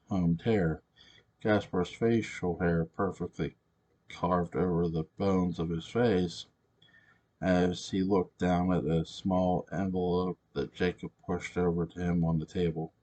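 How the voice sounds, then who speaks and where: Deep-voiced man reading a story. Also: a little mellow. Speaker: narrator.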